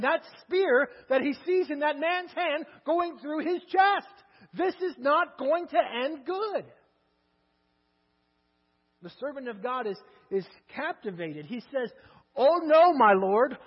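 A man's voice: very high-pitched, breathy edge. A male preacher giving a sermon, telling the story in a conversational way with many rhetorical questions. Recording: echoey hall, dull lo-fi sound, mains hum.

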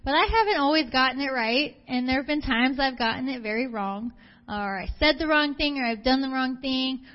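A woman's voice: high voice, expressive, fairly quick. A woman giving a candid, confessional personal testimony during a church service. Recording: dull lo-fi sermon recording.

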